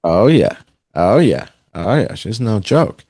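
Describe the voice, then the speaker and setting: A man's voice: on the low side, very animated, takes it slowly, warm tone, slightly rough, dry recording, clean studio sound. A man talking in a sarcastic, rambling way on a podcast, with mocking asides. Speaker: podcast guest. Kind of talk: casual conspiratorial chat.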